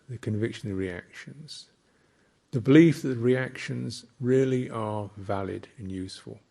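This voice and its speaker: A male Buddhist teacher gives a dharma talk, very slow and reflective, with pauses between phrases. His voice sits a little low and has a husky, gravelly grain. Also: warm tone.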